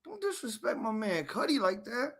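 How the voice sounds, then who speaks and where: A man hosting a live wrestling reaction stream, ranting angrily and swearing, swinging from muttering to shouting. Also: very high-pitched, very animated, moderate pace, creaky. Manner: angry, profane ranting.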